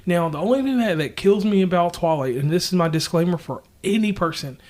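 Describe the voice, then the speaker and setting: A man's voice: high-pitched, lively intonation, fairly quick, a little mellow. A man co-hosting a casual podcast from a home kitchen, rambling and drifting off topic. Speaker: podcast co-host. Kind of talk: casual chat.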